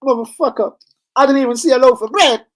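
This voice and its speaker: A man's voice: very high voice, fast talker, a little hiss or hum, pitched above the performer's own voice. Man putting on a young male footballer, squealing, giddy, boastful, sweary.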